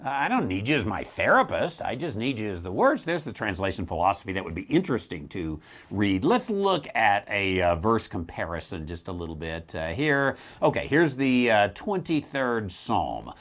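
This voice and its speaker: A middle-aged man talks through a question as a theologian in a loose, unscripted way. His pitch swings wildly from low mutters to high, mocking squeaks. He sounds wry and animated. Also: moderate pace, hardly any pauses. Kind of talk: casual teaching talk.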